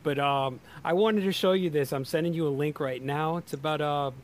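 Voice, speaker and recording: Laid-back man with a fairly high voice. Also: normal speed, slight background noise. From Western Massachusetts. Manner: laid-back, easily amused, asks follow-ups. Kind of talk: casual chat.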